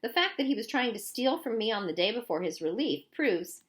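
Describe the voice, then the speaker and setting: A woman reading an audiobook voices a cold female camp warden who talks in a smooth, defensive, self-justifying way. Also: fairly high pitch, very animated, brisk, pitched above the performer's own voice.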